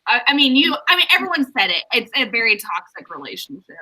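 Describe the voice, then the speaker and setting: A woman's voice: a little high, big pitch swings, quick pace, pushed and bright, poor audio. A woman chatting casually over a video call, playful and teasing, with a chatty flow. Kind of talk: casual chat.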